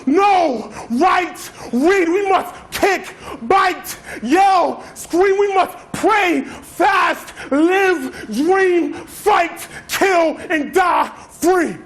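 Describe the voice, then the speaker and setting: Spoken word poet, male, very high voice, fierce rhythmic shouting. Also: expressive, drawn-out words, few pauses. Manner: intense, rhythmic, shouted delivery. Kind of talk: spoken word poetry performance.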